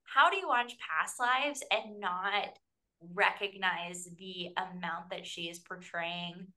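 A woman talking casually on a film panel, rambling and animated with lots of "like". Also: fairly low pitch, slow.

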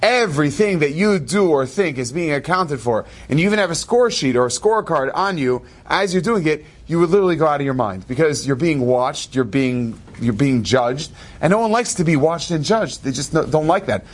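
Lively man telling a story. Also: a little high. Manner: lively, animated, with quick asides. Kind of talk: storytelling talk.

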